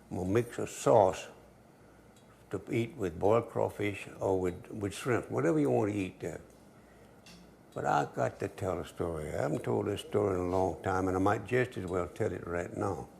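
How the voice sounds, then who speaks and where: A man's voice: low voice, creaky, darkish tone, slight background noise. An older man hosting a cooking show, talking easygoing and joking as he cooks and tells stories. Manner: easygoing, joking, dialect grammar. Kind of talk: folksy cooking demonstration with storytelling.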